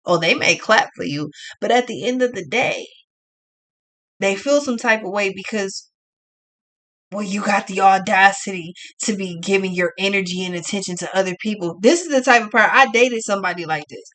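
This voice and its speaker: A woman's voice: medium pitch, normal speed, a bit bright. A woman giving a casual tarot reading, talking in a blunt, profane, ranting way. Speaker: tarot card reader.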